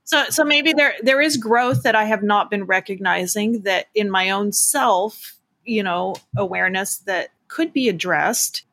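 A woman's voice: mid-range voice, measured pace, pushed and bright. A woman reporter hosting an interview, chatty and thinking aloud with lots of fillers. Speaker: podcast host and reporter. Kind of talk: interview conversation.

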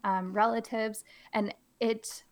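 A woman's voice: on the high side, little pitch movement, slow. A woman podcast co-host and teacher reading a picture book aloud, playful and theatrical, jumping to squeals on the silly words.

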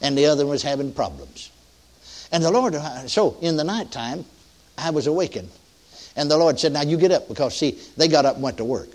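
Older male preacher, folksy storyteller, swings his pitch widely for emphasis. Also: animated, fairly quick. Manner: folksy, repetitive restarts, rising emphatic peaks. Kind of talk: sermon storytelling.

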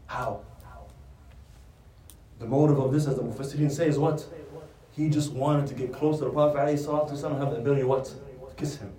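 A man's voice: mid-range voice, fairly even intonation, very fast, dark tone. Male religious teacher, storytelling lecture style, poses and answers his own questions; echoey room, off-mic. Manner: asks rhetorical questions and answers them. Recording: roomy sound from a distant mic.

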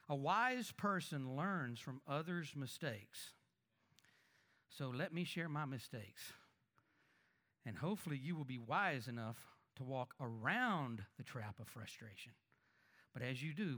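Pastor preaching in a lively conversational sermon. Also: male voice, a little high, unhurried, long pauses. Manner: conversational preaching with rhetorical questions to the congregation; swings between emphatic raised lines and quiet asides.

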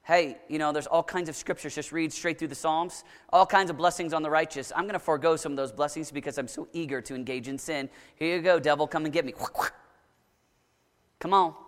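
A man preaching a sermon to a young crowd, dramatic, swinging from shouts down to low, intense murmurs. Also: steady tone, fast, few pauses, in a large hall.

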